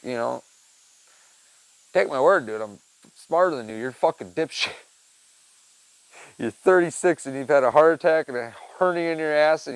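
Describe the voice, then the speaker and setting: A man's voice: mid-range voice, clear, resonant tone, no echo, poor audio. Profane rambling young man. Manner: rambling, profane, swings from mumbling to loud. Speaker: podcast host. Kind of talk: casual solo chat.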